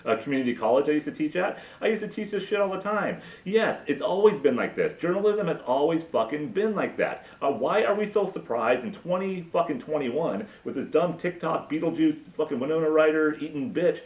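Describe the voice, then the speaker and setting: Profane ranting man with lively pitch. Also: fairly quick, few pauses. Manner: profane, sarcastic, heavy filler words. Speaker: podcast host. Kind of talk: crude ranting commentary. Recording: roomy, distant, dull sound.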